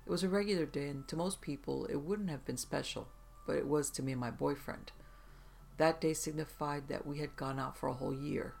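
A storyteller giving a steady, even reading of first-person tales, including a spooky one. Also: mid-range voice, brisk, vocal fry, slight background noise.

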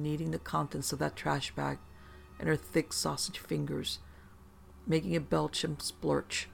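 A narrator telling a first-person horror story in a dry, measured way with slow dramatic pauses, over a faint music bed. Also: medium pitch, vocal fry.

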